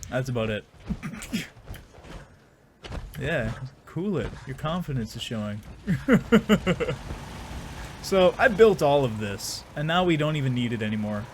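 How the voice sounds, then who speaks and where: A man's voice: medium pitch, big pitch swings, slow pace, pauses often, slight background noise. A young man rambling and joking crudely while commenting on his game. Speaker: gaming streamer. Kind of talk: casual let's-play commentary.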